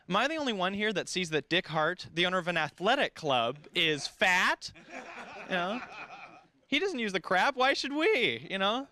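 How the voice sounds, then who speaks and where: A young man doing a stand-up comedy set, animated and quick to jump into character voices. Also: fairly high pitch.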